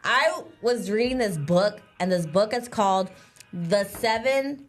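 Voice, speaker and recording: A young woman co-hosting a casual live show, chatty and animated, full of "like" and quick laughs. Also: medium pitch, faint music behind. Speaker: co-host.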